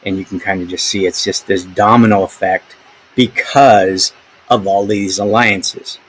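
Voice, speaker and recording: A lower-voiced male teacher walks students through a history lesson in a relaxed, conversational way, with asides and filler words. Faint noise sits under the recording. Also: measured pace, poor audio.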